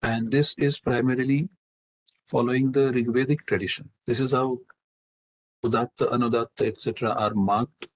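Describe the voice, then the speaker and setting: A man answering questions in a live online lecture, in a measured, explanatory way and using technical Sanskrit terms. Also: mid-range voice, steady tone, rough recording.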